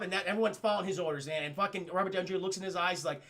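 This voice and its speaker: Young male streamer, animated movie recap, bright edgy tone, swears freely and acts out lines. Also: high-pitched, very fast, hardly any pauses. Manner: animated, swears a lot, acts out quotes in voices, laughs often. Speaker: film reviewer streaming to chat. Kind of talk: excited casual movie recap.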